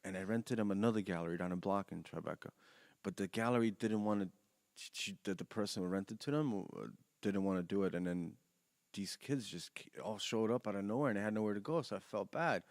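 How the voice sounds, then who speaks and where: A man's voice: fairly low pitch, brisk, no room sound. Rambling storyteller man, dry studio sound. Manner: rambling, restarts often, laughs through his telling. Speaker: podcast guest. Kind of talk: animated storytelling. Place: podcast studio.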